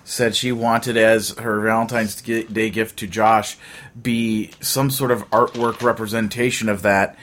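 Male co-host, lowish voice, calm and methodical storyteller. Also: a little slow. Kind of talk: casual chat.

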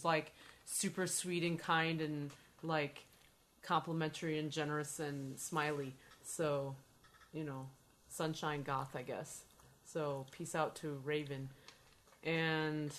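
Podcast host, woman, low pitch, bright, chatty and playful storyteller. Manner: chatty, playful, swears and teases. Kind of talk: casual chat.

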